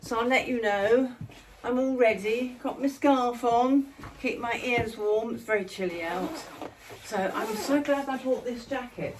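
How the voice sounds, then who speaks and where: A woman's voice: a little high, measured pace, noisy background. An older woman from England chatting casually to her phone camera, rambling and affectionate, walking about outdoors and at home. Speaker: vlogger.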